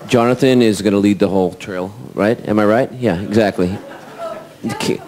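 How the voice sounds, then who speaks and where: A man on a convention panel, talking up the night ahead in an excited, joking way. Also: fairly low pitch, normal speed. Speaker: panel guest. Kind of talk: casual hyped banter.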